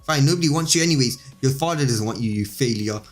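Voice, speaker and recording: A man's voice: medium pitch, fast talker, faint music behind, close to an everyday voice. Harsh, scornful father, read by a man, barking orders. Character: cold, harsh father and clan head.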